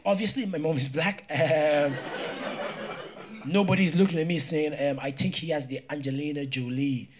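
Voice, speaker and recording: A man from Africa doing stand-up comedy, telling a story in an animated way, laughing and swearing, with frequent "right?" asides. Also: on the high side, normal speed.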